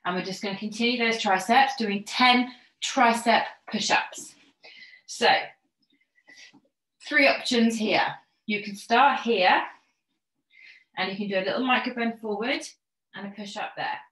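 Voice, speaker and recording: A woman's voice: fairly high pitch, measured pace, long pauses, fairly bright tone. Woman counting out pilates reps. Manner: encouraging, counts reps and gives step-by-step cues. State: slightly out of breath. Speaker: fitness instructor. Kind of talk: online pilates class instruction. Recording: echoey room.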